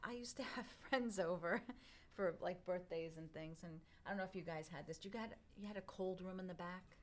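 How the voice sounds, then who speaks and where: A woman's voice: fairly low pitch, brisk, a little hiss or hum. A woman chatting casually, telling family stories with lots of laughter and acted-out quotes. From Long Island, New York. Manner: animated storyteller, laughs often, acts out quotes. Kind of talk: casual chat.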